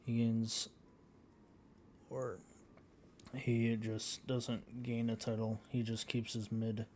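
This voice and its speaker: A man giving casual gameplay commentary as a channel host, reading out results haltingly with frequent fillers. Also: medium pitch, completely flat delivery, darkish tone, a little hiss or hum. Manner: halting, reads out scores with many fillers.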